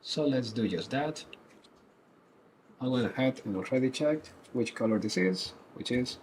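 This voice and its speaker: Man, calm step-by-step tutorial narration, mid pitch, faint background noise. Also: unhurried, low-quality recording. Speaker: tutorial presenter. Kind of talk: screen-recorded coding tutorial.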